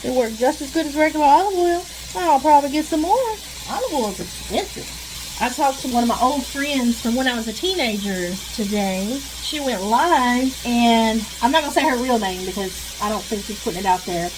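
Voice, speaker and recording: A woman talks in a chatty, rambling way, venting with sighs while she cooks. Her voice sits high. Frying and sizzling in the home kitchen come through clearly around her. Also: expressive, normal speed, noisy background. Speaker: vlogger. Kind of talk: casual chat while cooking. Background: sizzling frying pan.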